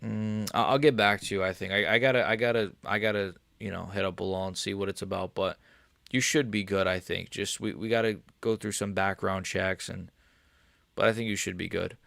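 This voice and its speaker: A man with a lowish, gravelly voice chats loosely with his viewers, swearing freely and wandering from thought to thought. The sound is dry and close, with no room around it. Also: fairly even intonation, fairly quick, a bit bright, no room sound. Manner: profane, rambling, talks straight to chat. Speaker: MMA livestreamer. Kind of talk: casual livestream chat reacting to viewers.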